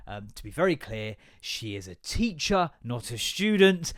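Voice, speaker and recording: A man's voice: fairly high pitch, animated, moderate pace, few pauses, no echo, studio quality. A tired man, rambling through a self-mocking solo podcast. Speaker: podcast host. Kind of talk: casual solo podcast chat.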